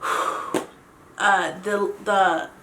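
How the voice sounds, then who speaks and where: A young woman from Canada, chatty and excitable, telling a story on her vlog. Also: medium pitch, extremely slow, a little hiss or hum. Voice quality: slight lisp from a retainer. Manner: chatty, excitable, heavy use of "like". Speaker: beauty vlogger.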